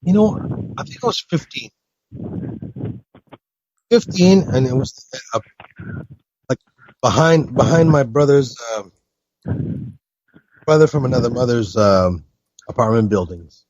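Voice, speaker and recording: A man's voice: mid-range voice, lively intonation, unhurried, pauses often, background noise. A man guest in a casual call-in chat, rambling with laid-back slang. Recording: dull dry sound.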